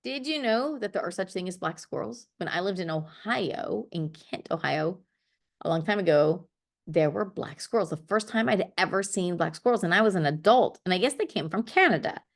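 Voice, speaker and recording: A woman's voice: fairly low pitch, expressive, moderate pace. A middle-aged woman teaching a poetry lesson. She thinks aloud while she writes and keeps checking in with "okay.". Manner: encouraging, checks in with frequent okays. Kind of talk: classroom-style poetry lesson.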